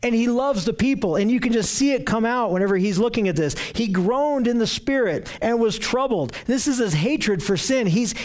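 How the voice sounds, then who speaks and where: A man's voice: high voice, darkish tone. A man preaching an earnest sermon, reading scripture aloud and often repeating words as he searches for phrasing.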